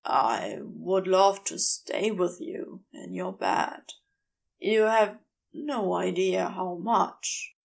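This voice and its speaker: A rough-voiced male demon, dry and sardonic under his fluster, as a woman reads him aloud. The lines come slowly, with a gravelly edge. It is a storybook reading. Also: lowish voice, lively intonation, voice pushed down, exaggerated voice. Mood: tender.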